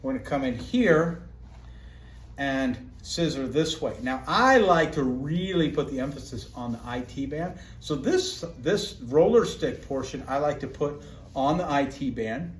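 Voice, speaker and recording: A man's voice: mid-range voice, unhurried. A man giving a casual how-to demonstration of a self-massage tool, talking through each step as he works. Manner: relaxed, talks through each step as he works, calls the viewer buddy. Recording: echoey room with faint ambient noise.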